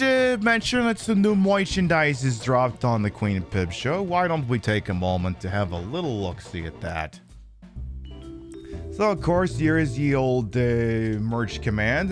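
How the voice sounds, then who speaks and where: A man's voice: lowish voice, normal speed, soft background music. A man hosting a live stream, chatting casually and profanely about a game and his merch. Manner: profane, animated, rambling. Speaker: streamer host.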